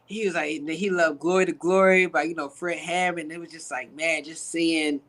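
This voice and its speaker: Guy getting emotional telling his faith story, slangy and animated, kinda higher voice, acts out the quotes. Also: a little fast, poor audio. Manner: animated, slangy, preacher-like testimony with quoted dialogue. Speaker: interview guest, actor.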